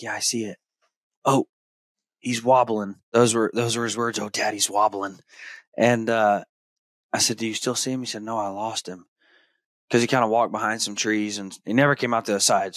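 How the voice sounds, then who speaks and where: A man, hosting a podcast and telling a story in a casual way, acting out his young son's excited shouts. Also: on the low side, no room sound. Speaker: podcast host.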